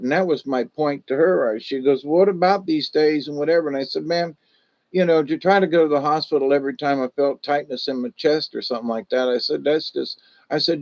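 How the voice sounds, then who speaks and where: A man's voice: on the high side, moderate pace, muffled recording. A man chatting casually on a livestream from home, rambling in a folksy, repetitive way and leaning on "you know". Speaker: livestream host.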